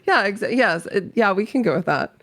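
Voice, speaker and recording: A woman's voice: mid-range voice, animated, fairly quick, a bit bright, dry recording. A woman from North Carolina, a guest in a casual chat, who laughs often and talks in hesitant restarts.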